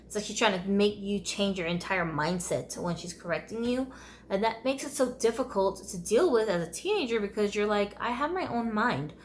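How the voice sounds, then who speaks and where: A woman's voice: medium pitch, moderate pace, slight background noise. A woman from the United States telling her life story in a candid, conversational vlog, often laughing wryly.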